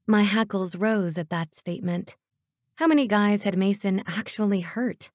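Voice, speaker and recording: A woman narrating an audiobook in the first person, with an expressive scripted reading on a close studio mic. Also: mid-range voice, moderate pace, dry recording.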